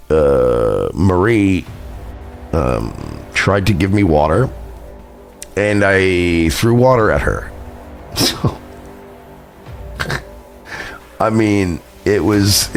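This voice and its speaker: A man with a low, gravelly voice talks through a rambling, profane story on a casual livestream, laughing at himself now and then. His pitch swings widely as he gets into it. Faint music plays behind him. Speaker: streamer recounting a party.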